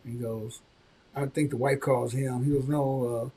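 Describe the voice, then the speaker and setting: A man hosting a podcast, telling a personal story in casual conversation and giving frank advice, with animated bursts when he quotes others. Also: mid-range voice, normal speed, slight background noise. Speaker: podcast host.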